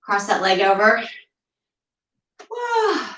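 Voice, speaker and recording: A woman leads a home barre class in a slightly high voice, taking her time with each cue. She counts reps and urges the class on, a little breathless, heard from across an echoey room. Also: slow pace, fairly bright tone, far from the mic. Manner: encouraging, counting reps, chatty asides. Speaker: fitness instructor. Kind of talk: guided workout instruction.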